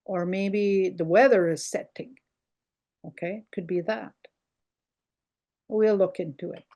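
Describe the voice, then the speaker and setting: Slow, patient older woman teaching words. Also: mid-range voice, steady tone, mellow. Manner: slow, repeats words carefully, explaining pronunciation. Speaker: language teacher. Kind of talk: online language lesson.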